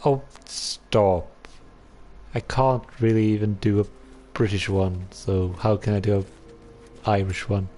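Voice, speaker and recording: A man streaming a game live, thinking aloud slowly as he plays. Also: fairly low pitch, steady tone, mellow, faint music behind. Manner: slow, musing, thinks aloud. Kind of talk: live gameplay commentary.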